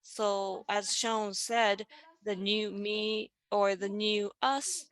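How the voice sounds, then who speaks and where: Slow, explanatory woman on a video call. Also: mid-range voice, steady tone, fairly bright tone. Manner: slow, explanatory, guides listeners through simple exercises. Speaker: presenter in a panel dialogue. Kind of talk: online presentation on voice and music.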